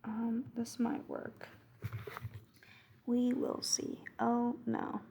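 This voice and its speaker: A woman's voice: fairly high pitch, monotone, drawn-out words, creaky, warm tone, a little hiss or hum. A woman thinking aloud as she works through a coding exercise, correcting herself and murmuring code as she types. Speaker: coding tutor. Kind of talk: screen-recorded coding walkthrough.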